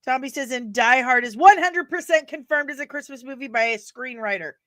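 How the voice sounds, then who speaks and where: A woman hosting a casual live stream, chatting playfully with sudden bursts of loud energy. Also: sits high, fairly quick, no echo, clean studio sound.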